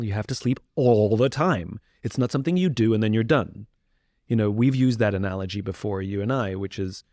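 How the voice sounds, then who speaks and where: A man's voice: on the low side, mellow, no room sound. Candid reflective man, dry close mic. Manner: candid, self-reflective, acts out quoted voices. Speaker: podcast guest. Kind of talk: reflective conversational talk.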